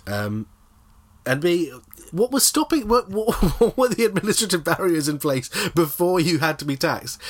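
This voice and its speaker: A male comedy podcast co-host tells an odd story and keeps breaking into giggles. His pitch swings freely up and down as he talks. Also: very animated, moderate pace. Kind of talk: comedic casual chat.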